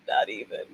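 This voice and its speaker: A woman hosting a writing-sprint livestream in casual chat, upbeat and cheering viewers on by name. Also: highs cut off.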